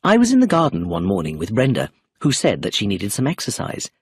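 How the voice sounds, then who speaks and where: A man reading a novel aloud as narration for English learners, clear and measured. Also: on the low side, huge pitch swings. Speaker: audiobook narrator.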